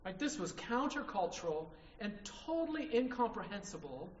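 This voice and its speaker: A man's voice: sits high, very animated, normal speed, a little hiss or hum. A man preaching a sermon, emphatic, often checking in with the congregation by asking "right?". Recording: distant, echoey hall, dull sound.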